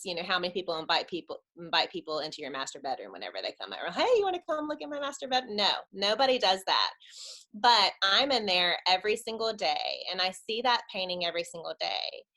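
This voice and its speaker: Bright-voiced woman telling her story. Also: on the low side, lively intonation, fairly quick. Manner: chatty storyteller, laughs often. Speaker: church webinar speaker. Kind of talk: personal testimony talk.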